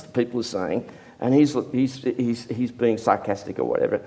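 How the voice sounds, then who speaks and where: An older artist telling a self-deprecating anecdote in a lively, rambling interview manner. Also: male voice, medium pitch, a little fast. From Australia. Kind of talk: anecdotal storytelling.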